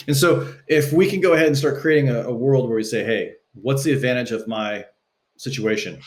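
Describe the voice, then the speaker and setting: A man speaking as a guest on a podcast, telling stories casually and acting out quotes with shifting pitch. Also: fairly quick. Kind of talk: casual conversational storytelling. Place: Los Angeles.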